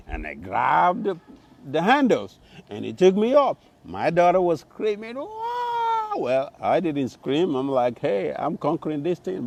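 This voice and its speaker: A middle-aged man giving a motivational talk to his channel viewers, telling stories in an animated way with bursts of exclamation. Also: a little high. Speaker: motivational speaker. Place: Minnesota.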